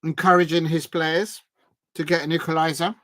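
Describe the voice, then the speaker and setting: A man's voice: a little high, little pitch movement, moderate pace, fairly bright tone, no room sound. A man hosting a live fan watch-along, commentating casually with many fillers and restarts and chatting with viewers. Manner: chatty, reads out and thanks viewers. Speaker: fan stream host.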